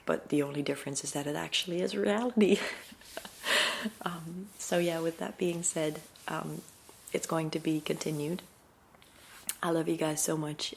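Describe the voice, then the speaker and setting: A woman who makes ASMR videos, chatting to her viewers in a casual vlog, talking fast and excitedly with lots of fillers and sometimes drifting into soft whispers. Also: sits low, creaky, slight background noise.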